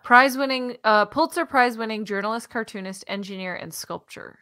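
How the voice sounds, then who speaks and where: A woman's voice: a little high, pushed and bright, clean tone, dry recording. Chatty woman with a dry, close voice. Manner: chatty, amused, quick to laugh. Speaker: podcast co-host. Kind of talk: casual after-show chat.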